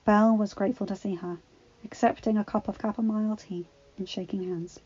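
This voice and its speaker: A woman narrating a fan-fiction story in a steady, expressive reading. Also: medium pitch, a little fast, husky. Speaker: audiobook reader. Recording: dull lo-fi recording with faint music.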